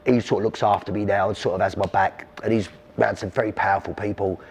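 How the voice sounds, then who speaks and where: A man's voice: lowish voice, fairly even intonation, fast, husky. A middle-aged man from South London with a South London accent, telling long rambling stories about his father in an interview. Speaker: podcast guest. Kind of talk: storytelling interview.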